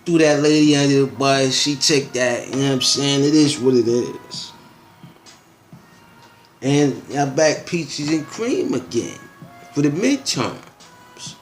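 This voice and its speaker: A man's voice: medium pitch, lively intonation, slow pace, long pauses, soft background music. A man hosting his own show, reading news headlines and riffing on them in a loose, slangy, rambling way. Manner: loose and slangy, with frequent asides and filler phrases. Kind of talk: casual rambling news commentary.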